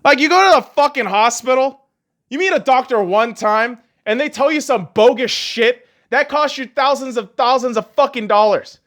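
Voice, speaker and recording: A man's voice: extremely high pitch, moderate pace, fairly bright tone. A man hosting a podcast, ranting crudely and heatedly with heavy swearing. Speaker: podcast host. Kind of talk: profane podcast rant.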